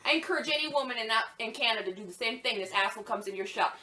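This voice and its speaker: A woman's voice: on the high side, lively intonation, racing, pushed and bright, roomy sound, a little hiss or hum. A woman giving heated, profane commentary on a talk show, mocking as she rants. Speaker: podcast co-host. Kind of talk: ranting commentary.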